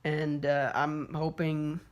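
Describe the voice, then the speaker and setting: A woman's voice: low voice, little pitch movement, slow. A young woman giving a casual, rambling film review, swearing freely and full of fillers and restarts. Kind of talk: casual spoken movie review.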